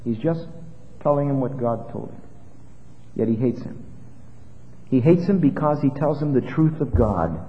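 A man preaching an expository sermon, retelling a Bible story in a conversational, animated way. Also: medium pitch, unhurried, pauses often. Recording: dull lo-fi with long reverb.

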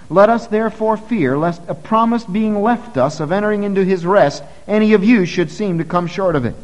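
A male pastor preaching in an earnest tone that swells into forceful emphasis. His voice sits a little higher than most men's. Long reverb from the church hall trails after each phrase. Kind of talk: sermon.

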